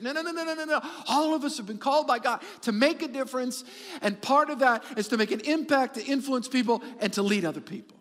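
A middle-aged man preaching a sermon as pastor, animated and repetitive for emphasis, joking with his congregation. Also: extremely high pitch, fast, in a large hall.

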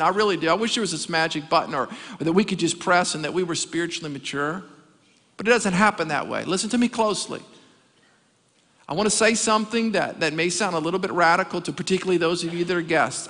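A man's voice: on the high side, fairly bright tone. A male pastor preaching a sermon, emphatic and calling on the congregation to answer back. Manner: emphatic preaching, calls for audience responses. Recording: long hall reverb.

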